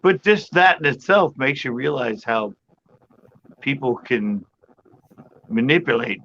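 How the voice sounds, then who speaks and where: A man hosting a live online panel, rambling casually as he thinks out loud and chuckling often. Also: medium pitch, animated, measured pace. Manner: rambling, talks through his thoughts, chuckles often. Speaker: host of a live panel stream. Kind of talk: casual chat. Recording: muffled audio with faint background noise.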